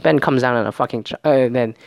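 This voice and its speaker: A man with a gravelly, creaky voice talks through a reality-show episode in a loose, profane ramble. He keeps breaking into imitations of the people he quotes. The sound is dry and close. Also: medium pitch, fast talker, dry recording. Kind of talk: casual reality-show recap.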